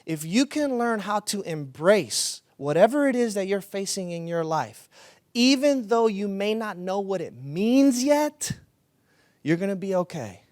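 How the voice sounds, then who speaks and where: A man's voice: high-pitched, big pitch swings, unhurried, a little mellow, no echo. A young adult man preaching a conversational sermon as a pastor, telling stories. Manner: conversational, storytelling with laughs.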